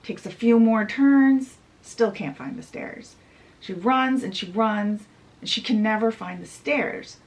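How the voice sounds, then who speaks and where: A woman's voice: a little high, slow, poor audio. A woman book reviewer retelling a fairy tale in a chatty, casual way, adding asides. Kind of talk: casual storytelling summary.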